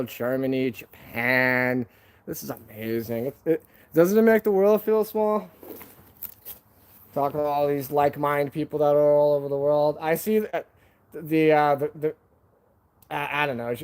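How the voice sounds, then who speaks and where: A man's voice: medium pitch, darkish tone, smooth. A man hosting a casual live stream from home. He talks to viewers in a laid-back, slangy way, calling them "man" and "dude".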